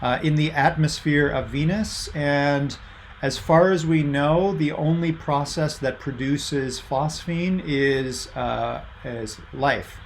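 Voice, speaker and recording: Gravelly-voiced man lecturing online. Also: a little high, takes it slowly, slight background noise. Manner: casual, many fillers, reads out student chat answers. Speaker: university lecturer.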